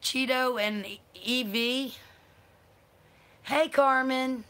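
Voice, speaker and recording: A woman with a Southern accent who talks slowly on a relaxed livestream. Her voice is bright, and she greets viewers by name and coos to her pets. She sounds a little tired. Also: sits high. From American South. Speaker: livestream host. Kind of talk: casual livestream chat with viewers.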